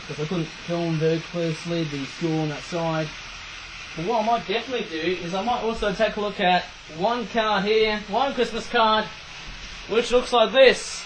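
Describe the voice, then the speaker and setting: A man vlogging as channel host, chatting excitedly with frequent tag questions while filming rain from indoors on a camera mic. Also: high voice, slight background noise, rough recording. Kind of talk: casual vlog narration.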